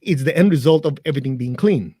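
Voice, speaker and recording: Fast and lively, a man with a fairly high, mellow voice and a breathy edge teaches meditation as an interview guest, joking and speaking bluntly straight to his audience. He then guides them through a chant, and the live recording is clean studio sound with no echo.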